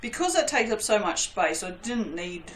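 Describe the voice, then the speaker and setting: A woman's voice: medium pitch, sing-song, normal speed. Woman vlog host, casual rambling crafter, roomy webcam sound with faint hiss. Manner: rambling, self-deprecating, swears lightly. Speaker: soap-making channel host.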